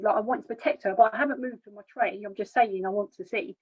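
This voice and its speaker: Woman, fairly high voice, plain halting testimony, dull lo-fi sound. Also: steady tone. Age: adult. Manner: plain, halting, repeats words when emotional. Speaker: charity founder sharing her story. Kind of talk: personal testimony. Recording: dull lo-fi recording.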